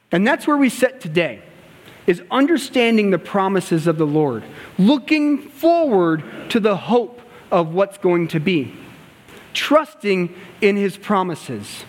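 A man preaching a sermon, telling a story and acting out the dialogue, moving between loud passages and hushed ones. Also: sits high, big pitch swings, takes it slowly. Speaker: pastor and gymnastics coach. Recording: long hall reverb.

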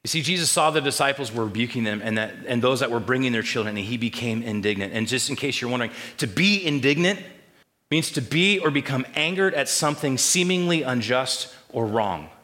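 A male pastor preaching a sermon in a church and pausing to ask the congregation questions. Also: medium pitch, sharp tone, in a large hall. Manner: call-and-response questions to the congregation. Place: church sanctuary.

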